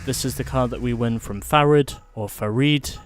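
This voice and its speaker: A man's voice: mid-range voice, steady tone, quick pace, a little mellow, dry recording. A man talking through his video game playthrough in a chatty, explaining way. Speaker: let's play host. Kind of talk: gameplay commentary.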